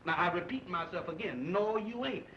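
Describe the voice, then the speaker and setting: A jumpy young roommate in a 1940s comedy, his high voice leaping up and down and turning shrill when frightened. The sound is a dull, hissy old film soundtrack. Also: animated, moderate pace, sharp tone. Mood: bickering. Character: excitable young male roommate, easily scared. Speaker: comic film character.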